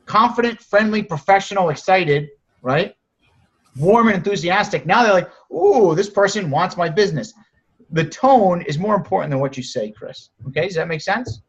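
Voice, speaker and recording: A man's voice: high-pitched, expressive, moderate pace, slightly rough. A man coaching sellers on a group call, direct and encouraging, often restarting his sentences. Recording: muffled lo-fi audio.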